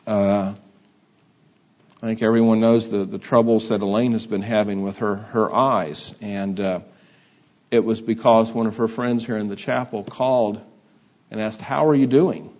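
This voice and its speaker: An older man preaching a sermon, in a halting, conversational way with many fillers. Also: lowish voice, level tone, a little mellow. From Texas. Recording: dull lo-fi sound.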